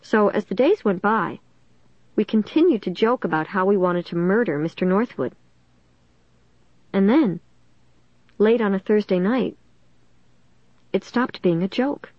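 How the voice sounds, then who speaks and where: A woman reading a first-person story aloud in a plain, steady storytelling manner. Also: medium pitch, measured pace, long pauses, no room sound, muffled recording. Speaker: audiobook narrator.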